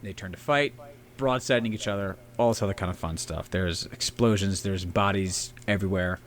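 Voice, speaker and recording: A man with a low voice co-hosts a casual history podcast, speaking at a moderate pace. He rambles and swears as he tells the story, putting on silly shouting voices for historical figures.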